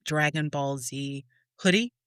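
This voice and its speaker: Slow, chatty mom storyteller. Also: female voice, low-pitched, fairly bright tone, smooth, no echo, studio quality. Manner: chatty storyteller, laughs often. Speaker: podcast co-host, mother. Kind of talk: casual parenting chat.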